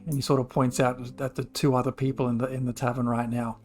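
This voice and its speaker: A man with an Australian accent, narrating as game master over an online call. He laughs often and describes scenes slowly. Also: mid-range voice, little pitch movement, darkish tone.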